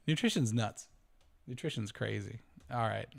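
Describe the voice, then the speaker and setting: A man's voice: mid-range voice, moderate pace. A man hosting a homesteading channel, talking casually through a spreadsheet as he works out numbers aloud, correcting himself, chuckling, and letting his voice swing up and down.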